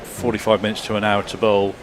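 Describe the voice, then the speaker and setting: Measured male pundit over crowd noise. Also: on the low side, monotone. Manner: measured, thoughtful analysis. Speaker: cricket pundit. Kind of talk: analytical commentary chat.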